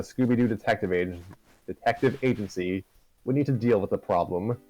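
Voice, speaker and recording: A man's voice: on the low side, brisk, darkish tone, low-quality recording. A man hosting and reading a story aloud live, narrating conversationally with self-corrections. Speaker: story reader and host.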